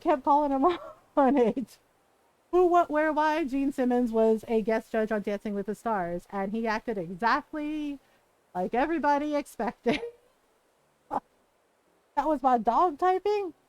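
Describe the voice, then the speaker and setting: A woman chats with her stream audience from a home setup, recounting a story with animation and quoting others as she goes. Her voice sits high, and the recording is close and dry, with no room around it. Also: slow pace, dry recording, poor audio. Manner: animated storytelling, quotes others, laughs often. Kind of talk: casual livestream chat.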